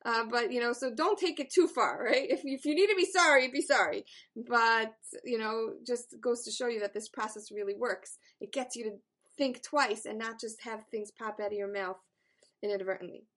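A middle-aged woman teaching a self-help class, earnest and animated, acting out the thoughts she quotes. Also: on the high side, normal speed. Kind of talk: spoken self-help lesson.

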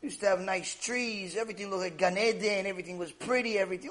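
A man's voice: sits high, fairly quick. A man giving a Torah class, telling the story with animation and acting out the dialogue. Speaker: Torah lecturer.

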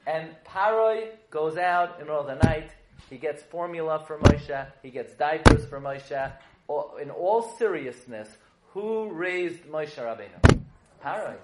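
A man's voice: a little high, expressive, a little slow, very noisy. A man teaching a humorous Torah lesson as a rabbi, telling stories, joking and quizzing his listeners. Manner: joking, storytelling, quizzes the audience. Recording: echoey room.

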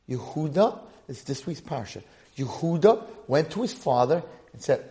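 A man's voice: on the high side, sing-song, moderate pace, dark tone. A man giving an impassioned Torah lecture, dramatizing scenes and mixing in Hebrew and Yiddish terms. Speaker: Torah teacher.

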